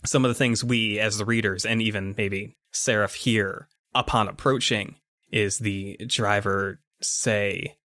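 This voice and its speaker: A man narrating a tabletop game as game master, describing each scene like comic panels. His voice sits fairly low, and the sound is dry and close. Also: fairly even intonation, a little slow, bright, forceful tone, no echo.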